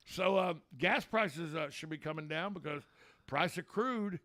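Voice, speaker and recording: A man's voice: a little high, measured pace, a bit bright. A man hosting a local radio talk show, folksy, joking and opinionated.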